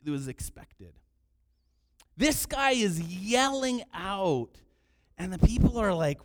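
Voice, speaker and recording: A man preaching a sermon in an animated way, sometimes raising his voice to act out the people in his story. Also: sits high, takes it slowly, long pauses. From Canada. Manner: animated preaching, acting out quoted cries loudly. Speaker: pastor.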